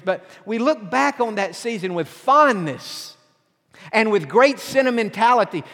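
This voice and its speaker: A middle-aged pastor from Tennessee preaching a sermon, telling folksy stories with self-deprecating humor. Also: male voice, sits high, a bit bright. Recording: long hall reverb.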